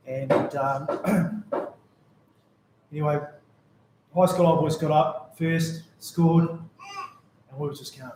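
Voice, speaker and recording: A man's voice: on the high side, fairly even intonation, slow, pauses often, noisy background. New Zealand man telling jokey memorial stories. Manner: rambling, jokey anecdotes. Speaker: mourner giving a tribute. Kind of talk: memorial speech. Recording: very echoey room.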